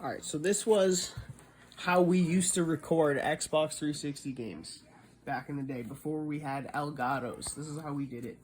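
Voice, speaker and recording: Guy from boston rambling and swearing, kinda high voice, bit of background hiss. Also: normal speed, a little mellow. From Boston area. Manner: profane, rambling, explains with restarts. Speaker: streamer. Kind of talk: casual ranting chat.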